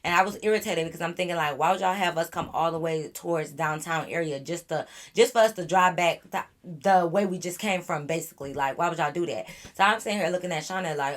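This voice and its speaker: A woman vlogger telling a story in a casual, animated, slangy way, with profanity and exasperated asides. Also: low-pitched, quick pace, few pauses.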